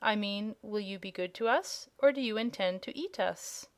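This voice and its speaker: A woman's voice: mid-range voice, moderate pace, lightly acted. Woman putting on a plucky young girl. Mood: earnest. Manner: frank, earnest, a bit frightened.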